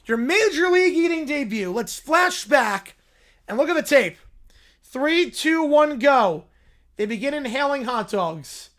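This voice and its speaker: A male livestream host riffs through comic sketches in a quick, mock-broadcaster patter. His voice sits high and bright. His delivery leaps about in pitch. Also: big pitch swings. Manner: rapid mock-sportscaster narration. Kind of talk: improvised comedic sketch commentary.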